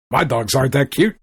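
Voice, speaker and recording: A middle-aged man co-hosts a podcast with a husky, breathy edge to his ordinary male pitch. He rambles excitably and swears freely. The sound is dry and close, with no room around it. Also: no room sound. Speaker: podcast co-host. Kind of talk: casual chat.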